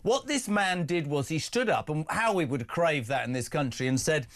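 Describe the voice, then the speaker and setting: A British man hosting a talk radio show, talking in an emphatic, animated way. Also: fairly high pitch, normal speed.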